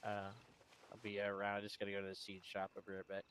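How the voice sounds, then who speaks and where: A man voicing a sheriff in a role-play game, talking in a hesitant, halting way with many fillers. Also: lowish voice, completely flat delivery, fairly bright tone, slight background noise. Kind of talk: casual in-character role-play chat.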